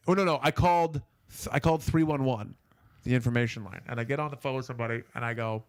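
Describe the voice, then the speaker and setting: A man's voice: mid-range voice, very fast, smooth, dry recording. Rambling storytelling man, dry room. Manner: rambling, animated anecdote with profanity and restarts. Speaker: podcast host. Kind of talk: casual storytelling on a podcast.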